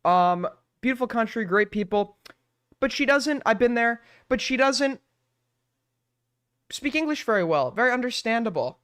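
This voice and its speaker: A male streamer rants on, incredulous and swearing freely, hammering each point twice. His voice comes through smooth and resonant, dry and close to the mic, with no room around it. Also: very high voice, lively intonation, moderate pace, a bit bright, no echo. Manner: profane, incredulous, repeats himself. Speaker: streamer host. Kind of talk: ranting commentary.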